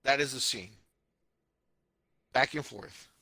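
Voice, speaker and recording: A young man co-hosting a casual podcast, recounting a show with exasperated, animated energy and silly put-on voices for the scenes. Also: mid-range voice, slow pace, creaky, dry recording. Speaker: anime podcast co-host. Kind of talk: casual podcast review chat.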